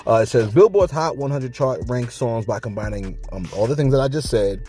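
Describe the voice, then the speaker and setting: A man's voice: mid-range voice, a little fast, soft background music. A man doing casual vlog commentary, reading viewer comments and answering them, joking with himself and repeating his points for emphasis. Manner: animated, argues with himself, jokey asides.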